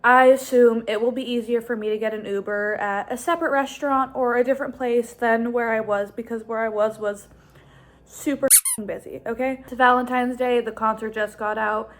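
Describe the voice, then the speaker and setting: A young woman tells a storytime vlog into her phone, her voice sitting a little high. She talks in a chatty, exasperated way and hurries through her phrases. She speaks first while walking outside at night, then from home. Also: steady tone, moderate pace. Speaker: vlogger.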